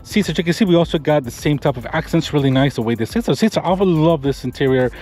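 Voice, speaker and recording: A man's voice: a little high, fast, darkish tone, faint music behind. A man presenting a car review vlog, walking around and sitting inside a pickup truck. He points out details with enthusiasm and rambles, often restarting his sentences. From Florida. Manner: enthusiastic, rambling show-and-tell with frequent restarts.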